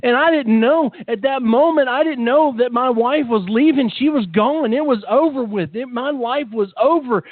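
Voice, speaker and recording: A man telling his conversion story as a testimony, fervent and halting, often repeating words. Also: very high voice, no room sound. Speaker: testimony speaker. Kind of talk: emotional personal testimony. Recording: tinny phone-like line, dry.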